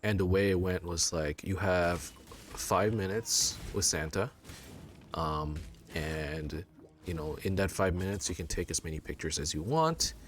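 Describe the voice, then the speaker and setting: A man in his thirties from China, going by "let's play gamer," chats casually in a low-pitched, unhurried voice. He tells a rambling story packed with fillers and restarts.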